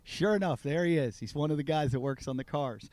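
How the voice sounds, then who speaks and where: A man's voice: fairly high pitch, fairly quick, no room sound. A man telling a story on a podcast in a casual way, acting out the people in it. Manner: animated, acts out the people in his story. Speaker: podcast guest.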